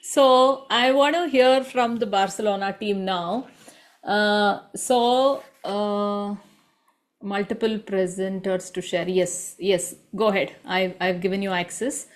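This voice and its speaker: A woman hosts an online session over a video call. She prompts the speakers in a friendly, brisk way. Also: mid-range voice, fairly even intonation. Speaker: session host.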